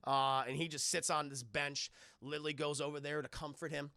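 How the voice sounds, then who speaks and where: A man recapping a film scene by scene on a live stream, talking to his chat, swearing freely and acting out the characters' lines in quick animated bursts. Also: on the high side, no room sound, studio quality. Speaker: live streamer reviewing films.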